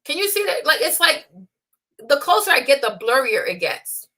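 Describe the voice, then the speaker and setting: A young woman with a high, bright voice hosts her own talk stream. She lectures bluntly and scolds her listeners, launching into animated rants and mocking the people she quotes. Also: normal speed. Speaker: host. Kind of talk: unscripted opinion livestream.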